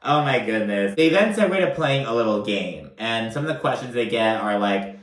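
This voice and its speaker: A man's voice: mid-range voice, animated, moderate pace, roomy sound. A man giving casual, profane, gossipy recap commentary on a reality show, full of fillers.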